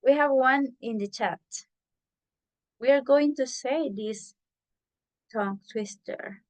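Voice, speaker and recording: Woman english teacher on a video call, kinda high voice, slow and patient, says things twice. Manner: patient, repeats herself to explain. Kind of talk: online class teaching. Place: online video class.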